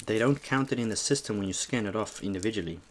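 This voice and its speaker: A young man eating on camera and telling a story in a casual, animated way, swearing freely as he acts out an argument at a shop. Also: fairly low pitch, quick pace. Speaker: mukbang host.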